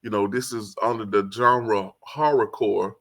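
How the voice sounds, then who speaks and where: A man with a Southern accent hosts a solo album review in an easy, excitable way. His voice sits a bit low, with a gravelly rasp. He rambles and circles back as he talks. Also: measured pace. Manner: excitable, rambling, quotes lyrics in song voice. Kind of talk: casual solo commentary.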